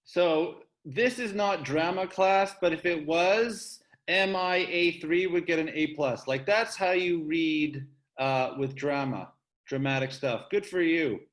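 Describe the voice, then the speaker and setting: Upbeat male teacher on a video call, higher voice, coaxing. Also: takes it slowly. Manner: upbeat, coaxing students to read. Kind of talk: online class teaching.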